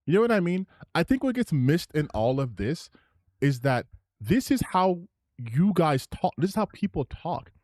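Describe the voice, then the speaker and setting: A man's voice: on the high side, unhurried, dry recording, clean studio sound. A man hosting a live stream, reacting to clips in rambling commentary full of restarts. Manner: animated and rambling, with many restarts. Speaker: streamer host.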